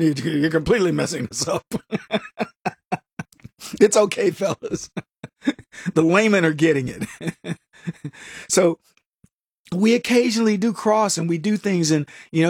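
A man's voice: high-pitched, no echo, studio quality. A man hosting a political talk show, delivering a casual, sarcastic commentary monologue full of restarts and chuckles at his own jokes. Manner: animated and sarcastic, with frequent restarts.

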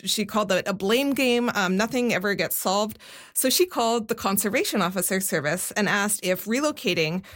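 A woman's voice: medium pitch, a bit bright. A woman giving a conversational radio news report, explaining things step by step with frequent fillers.

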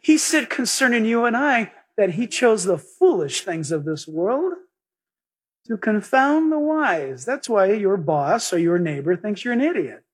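A male pastor with a high, husky voice delivers an animated sermon. He slips into little acted voices for the people in his stories. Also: unhurried. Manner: animated preaching, acting out quoted voices.

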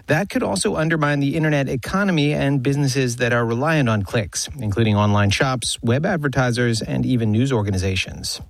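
A man files a scripted radio news report in a steady, even voice. His pitch is in the middle range. The recording is dry and close. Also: a little fast, creaky, few pauses, no room sound.

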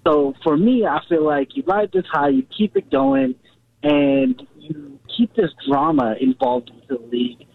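Male phone-in caller, husky with fry, lively intonation, phone-line sound. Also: very high-pitched, unhurried, no room sound. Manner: earnest, repetitive. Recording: tinny phone line, dry.

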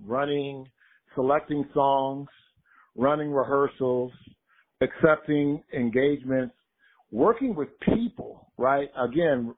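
A man who directs gospel choirs, speaking as an interview guest in a relaxed, reflective way and often checking in with "right?". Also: medium pitch. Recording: tinny phone-like line.

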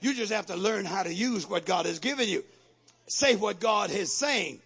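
A man preaching a sermon to his congregation, repeating phrases, asking the crowd questions and shouting out lines. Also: high voice, animated, moderate pace, breathy edge. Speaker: pastor.

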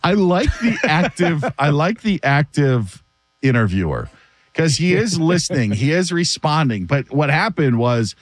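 A man hosting a sports radio show, talking in a casual, animated way and laughing often. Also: a little high, measured pace.

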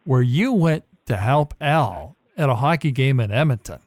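A man hosting an interview, asking quick questions and giving short eager reactions. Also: medium pitch, lively intonation, darkish tone, no room sound, studio quality. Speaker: podcast host. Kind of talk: casual interview.

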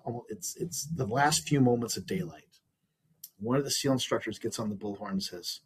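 Man, interview guest, very husky voice, earnest and reflective, restarts often. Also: mid-range voice, moderate pace, low-quality recording. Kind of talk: personal storytelling in an interview.

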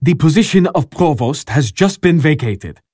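A man's voice: a little high, animated, moderate pace, darkish tone, no echo, clean studio sound. An actor playing an eager, persuasive churchman in a radio drama. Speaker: canon assisting a bishop.

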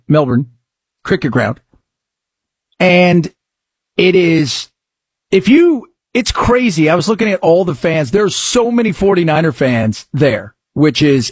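Chatty husky male radio host. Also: high voice, no echo. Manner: chatty, rambling, jokey. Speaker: radio talk show host. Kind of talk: casual sports and news talk.

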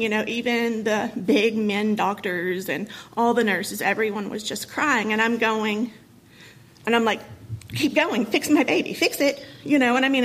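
A woman in her thirties with a husky voice, telling a painful personal story to an audience, emotional and halting, with many pauses and fillers. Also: on the high side, a bit bright, low-quality recording. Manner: emotional, halting, many ums and you-knows.

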